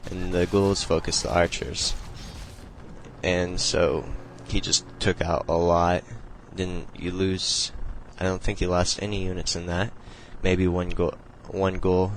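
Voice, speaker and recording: A young man at home talks through a strategy game replay, his deep voice flat with very little rise and fall. His measured, casual commentary rambles, full of fillers and restarts. The rough recording has a faint hiss underneath.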